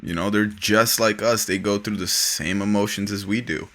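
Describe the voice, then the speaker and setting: A male podcast host tells a lively, profane story in casual conversation. His voice has a clear, bright edge, and he talks with plenty of energy. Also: on the low side, normal speed.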